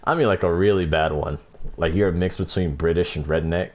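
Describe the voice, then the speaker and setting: A man's voice: low-pitched, brisk, a little mellow. A man co-hosting a gaming podcast in casual chat, laughing often and swearing casually. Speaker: podcast co-host.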